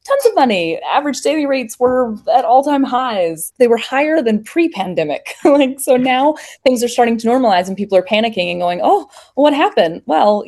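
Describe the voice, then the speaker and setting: A woman's voice: on the high side, darkish tone. A woman guest in an interview, explaining in a chatty way and laughing between points. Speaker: industry guest. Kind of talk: casual interview chat.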